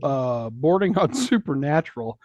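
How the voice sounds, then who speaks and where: A man's voice: fairly high pitch, very animated, moderate pace, a little mellow, no room sound, muffled recording. A man in casual chat, speaking in a thoughtful, hesitant way.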